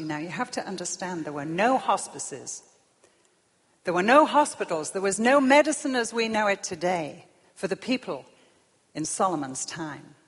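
A woman preaching a sermon, swinging from loud emphasis down to hushed whispers. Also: lowish voice, very animated, normal speed, husky. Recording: long reverb of a large hall.

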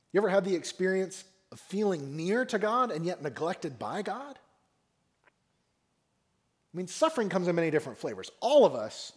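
A man preaching a sermon on a psalm, speaking expressively and acting out the mockers and the psalmist in raised voices. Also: sits high. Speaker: pastor.

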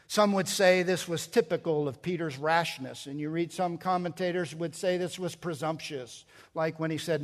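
A man's voice: fairly high pitch, moderate pace, few pauses, long reverb tail. A man preaching a sermon, reading scripture and explaining its grammar, building to emphatic peaks. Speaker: pastor.

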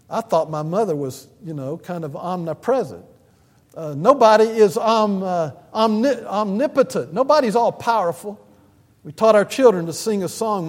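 A pastor preaching a sermon in an earnest way, swelling to emphatic peaks and often pausing with "uh". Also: male voice, high voice, animated, a little mellow, big-room sound.

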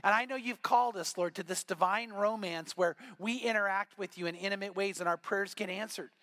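A male pastor preaching a sermon, telling stories with lively acted-out quotes. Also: high-pitched, a little fast, no echo. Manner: animated storytelling with acted quotes. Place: church.

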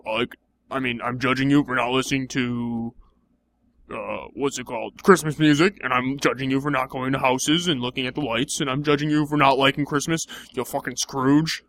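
A man's voice: medium pitch, fairly even intonation, normal speed, a bit bright. A young man in improvised comedy banter, teasing and playfully mocking.

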